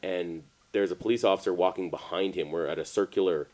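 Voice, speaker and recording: Deep-voiced man, joking podcast co-host. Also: a little fast, a little mellow. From Canada. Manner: joking, teasing interjections. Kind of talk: casual chat.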